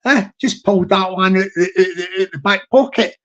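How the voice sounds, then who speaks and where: A man's voice: high voice, normal speed, fairly bright tone, muffled recording. Rambling, jokey Glaswegian man. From Glasgow, Scotland. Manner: rambling, jokey, repeats himself, laughs often. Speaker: YouTube live streamer. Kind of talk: casual live-stream chat.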